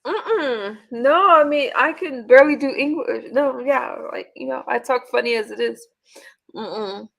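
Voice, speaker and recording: Hesitant, gravelly, high-voiced woman. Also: a little slow, a bit bright. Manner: hesitant, filler-heavy, lots of "like". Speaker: panel guest. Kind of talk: casual chat.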